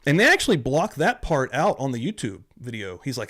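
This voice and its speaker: A man's voice: mid-range voice, huge pitch swings, fairly quick, fairly bright tone. A man hosting a casual livestream chat, rambling along, swearing often and chuckling as he talks. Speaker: host.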